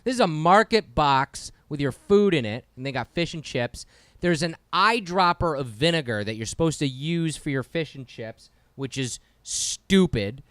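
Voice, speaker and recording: A man's voice: fairly high pitch, expressive, moderate pace, fairly bright tone, no echo. A man co-hosting a casual podcast, ranting in an exasperated, swearing way. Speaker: podcast co-host. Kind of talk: casual comedic rant.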